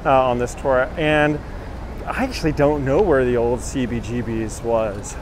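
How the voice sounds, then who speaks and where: A man's voice: medium pitch, fairly even intonation, unhurried, slight background noise, rough recording. A man giving a live-streamed walking tour as a guide, talking casually and reading viewer comments aloud while he walks. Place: inside a library, then outdoors on a city street.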